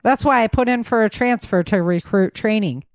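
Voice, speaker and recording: A woman's voice: medium pitch, normal speed, dry recording, studio quality, close to an everyday voice. A woman voicing a large, teasing male soldier who jokes and flirts with his friends. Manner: playful teasing.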